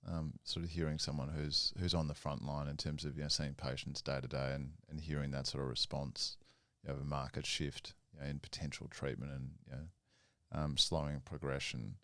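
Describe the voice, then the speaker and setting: A man's voice: rumbling low, flat delivery, normal speed, hardly any pauses, bright, forceful tone, no echo, studio quality. A man hosting a podcast interview, asking long rambling questions full of fillers. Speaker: podcast host.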